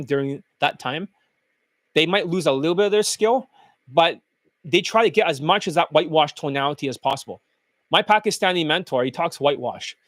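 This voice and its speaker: A man's voice: a little high, a bit bright, dry recording, clean studio sound. A man who coaches dating, talking in a blunt, crude and scornful rant. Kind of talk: profane ranting monologue.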